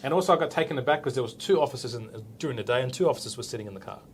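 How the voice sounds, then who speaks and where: A man's voice: medium pitch, racing, slight background noise. A man in his forties with an Australian accent, a police officer being interviewed, telling a story casually and acting out the dialogue. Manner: animated, acts out the dialogue, tags with "right?".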